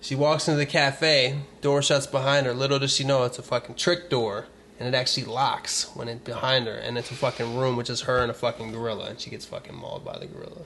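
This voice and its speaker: A man's voice: medium pitch, lively intonation, gravelly, a bit bright, slight background noise. A man hosting a casual podcast, joking crudely and riffing on silly scenarios. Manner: crude, joking, quick to riff. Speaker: podcast host.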